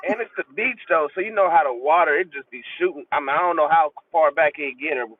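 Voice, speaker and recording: High-pitched man, muffled lo-fi sound. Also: fast, slight background noise. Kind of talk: casual movie review chat.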